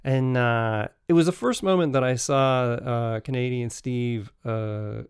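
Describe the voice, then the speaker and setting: A man casually telling travel stories as a podcast host, halting and restarting often, with frequent chuckles. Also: medium pitch, clear, resonant tone, dry recording, clean studio sound.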